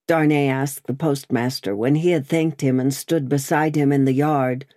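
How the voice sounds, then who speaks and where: A woman narrating an audiobook in a measured, expressive storytelling manner. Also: extremely low pitch, no room sound, studio quality. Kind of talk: scripted narration.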